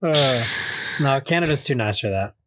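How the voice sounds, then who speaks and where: A man's voice: mid-range voice, animated, normal speed, a bit bright, rough recording. A man co-hosting a podcast, telling wry stories in casual chat and acting out what others said. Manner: wry, dry storyteller who acts out other people. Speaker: podcast co-host.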